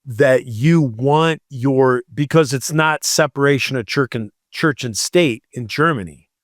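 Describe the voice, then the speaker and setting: Wisecracking podcast co-host, a man with a mid-pitched voice, dry close recording. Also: measured pace, no echo. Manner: joking, chimes in with quips and silly voices. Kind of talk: casual chat with jokes.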